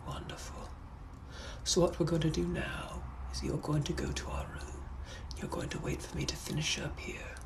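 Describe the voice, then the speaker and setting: A man doing a silky, hushed Victorian British butler. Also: on the high side. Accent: put-on British. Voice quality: hushed, silky, slow and deliberate. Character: suave, menacing Victorian British gentleman butler. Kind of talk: whispered role-play. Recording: noisy background hiss.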